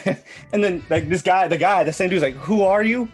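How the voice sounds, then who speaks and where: A man's voice: high voice, fairly quick, a crowd in the background. A man in his thirties hosting a podcast, recapping a manga in a rambling, profane way. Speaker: podcast host presenting a manga. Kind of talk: casual chat.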